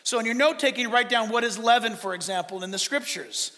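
A man's voice: extremely high pitch, quick pace, pushed and bright, big-room sound. A man preaching a sermon as pastor, emphatic and full of rhetorical questions. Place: church.

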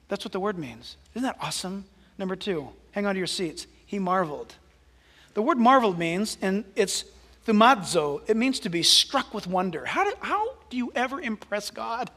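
A male pastor preaching a sermon, animated, dropping to hushed asides and rising to loud exclamations. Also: high-pitched, normal speed, in a large hall.

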